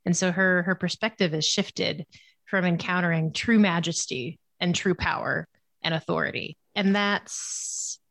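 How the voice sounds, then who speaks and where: Woman guest, lowish voice, analytical and reflective, dry close mic. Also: a little slow, vocal fry, fairly bright tone, no echo. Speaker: podcast guest. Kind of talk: casual book discussion.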